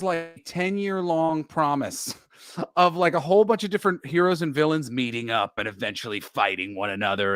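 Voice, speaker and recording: A man co-hosting a geek podcast in casual chat, animated and swearing, acting out quotes as he talks. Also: medium pitch, no room sound, clean studio sound. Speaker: podcast co-host.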